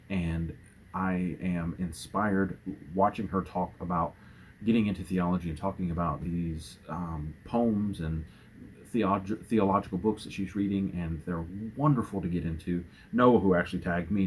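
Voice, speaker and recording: A man talking casually and earnestly about books in a home vlog, gentle, with fillers and restarts. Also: low voice, slight background noise. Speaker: booktuber. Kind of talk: casual book tag vlog.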